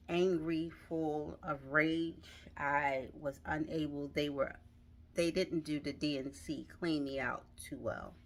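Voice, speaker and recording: Woman, middle-aged, storyteller; slow, halting delivery with a bright tone and frequent restarts. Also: low voice. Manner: halting, emotional, many restarts. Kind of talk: personal storytelling.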